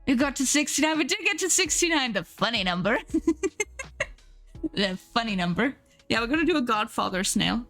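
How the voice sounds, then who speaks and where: A young woman streaming live, gushing excitedly over viewers' art and pets, swearing casually. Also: on the high side, moderate pace, pauses often, faint music behind.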